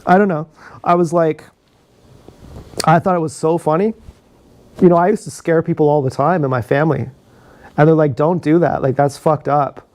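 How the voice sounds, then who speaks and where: A man's voice: a little high, fairly even intonation, normal speed, long pauses, a little mellow. A man talking in a meandering, confessional way on a livestream, laughing at his own stories. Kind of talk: rambling livestream monologue. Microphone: action camera.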